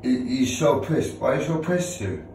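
A man's voice: mid-range voice, lively intonation, moderate pace, darkish tone, roomy sound, a little hiss or hum. A man, teasing his mate over and over in casual banter, filming on a phone. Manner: teasing, mocking, repeats himself. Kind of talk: casual banter among mates. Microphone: phone camera.

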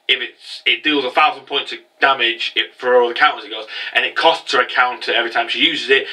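A man recapping an anime episode in a rambling, excitable way. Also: fairly high pitch, recorded from a distance, low-quality recording. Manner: rambling, excitable, mocking impressions of characters. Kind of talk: casual spoken recap.

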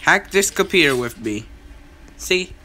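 A gamer doing let's-play commentary, often screaming in panic and yelling at a teammate. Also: mid-range voice, lively intonation, a little slow.

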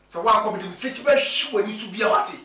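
A man's voice: high-pitched, quick pace, sharp tone. An actor playing a brash man who mocks and repeats his words in a home quarrel, with a Ghanaian accent. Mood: mocking. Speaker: actor in a film scene. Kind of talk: Ghanaian film acting. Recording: echoey room with music.

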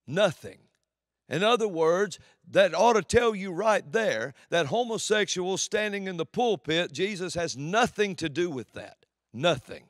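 A man preaching a sermon with emphatic swings between loud declarations and quiet asides. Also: a little high, animated, unhurried, no echo, studio quality.

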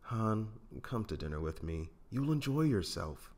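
A man voicing a calm friendly jedi, gentle and good-natured, fan audiobook. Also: fairly low pitch, a little slow, voice pushed up, exaggerated voice.

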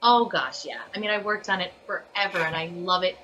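A woman voice actress chatting casually as an interview guest, animated and full of fillers and restarts. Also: lowish voice, fairly quick, slight background noise, poor audio.

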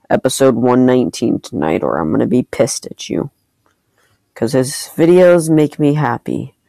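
A man's voice: medium pitch, creaky, darkish tone, dry recording, rough recording. A man giving casual gameplay commentary, frustrated, swearing and ranting at other players. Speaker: gamer recording his play.

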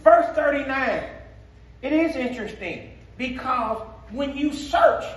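A man preaching as pastor in a church sanctuary, in call-and-response style with a Black speech pattern, sometimes rising to shouts. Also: extremely high pitch, lively intonation, slow. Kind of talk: sermon. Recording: echoey sanctuary from a distance.

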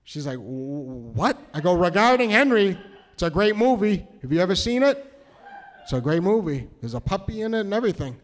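A man from New Hampshire telling a story on stage, nervous and halting, with many restarts. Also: high voice, big pitch swings. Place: cultural center hall, live audience.

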